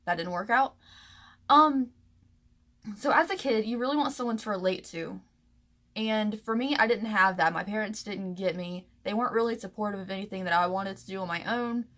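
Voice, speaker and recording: A young woman from the American South, a vlogger, tells a personal story to the camera in a mid-range, fairly bright voice. She's emotional and close to tears, speaking haltingly with many fillers and restarts.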